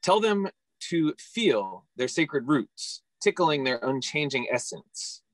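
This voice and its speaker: A man in a workshop reading his own poem aloud over a video call, measured and deliberate. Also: fairly high pitch, very animated, no echo, rough recording. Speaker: workshop participant.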